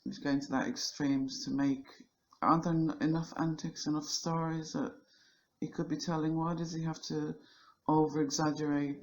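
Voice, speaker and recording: A woman's voice: low voice, muffled recording. A middle-aged woman giving critical commentary on a video clip, in an indignant and dismissive way.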